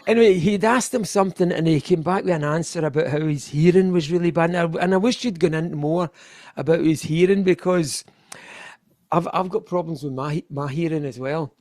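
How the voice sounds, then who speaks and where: A man's voice: fairly high pitch, a little fast, a little mellow, no echo, studio quality. A Scottish man, a keyboardist and interview guest, chatting casually and rambling with frequent restarts.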